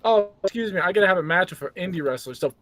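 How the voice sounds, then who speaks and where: A man's voice: high voice, lively intonation, racing, fairly bright tone, no room sound. A man hosting a judging panel in casual chat, upbeat as he announces totals.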